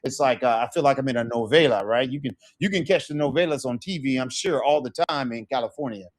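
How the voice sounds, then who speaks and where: A man's voice: medium pitch, fast. A middle-aged man teaching an online Spanish lesson, repeating phrases with rising emphasis.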